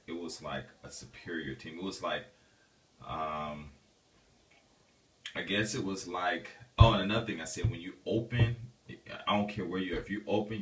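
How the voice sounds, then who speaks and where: A vlogger with a very deep, low voice tells his viewers a personal story, rambling, restarting, and filling gaps with "um" and "you know." He's casual and animated, recorded from a distance with a little hiss or hum.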